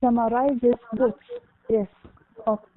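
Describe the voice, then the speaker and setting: This woman student reads English words aloud very slowly and carefully, her voice fairly high. She is heard over a tinny, phone-like call line with a faint hiss. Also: flat delivery. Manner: slow, careful reading. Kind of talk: reading a word list aloud.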